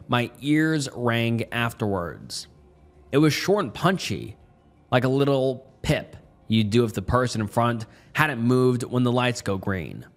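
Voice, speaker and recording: Male horror narrator, mid-range voice, tense and measured pacing, light music bed. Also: medium pitch. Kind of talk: scripted narration. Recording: faint music underneath.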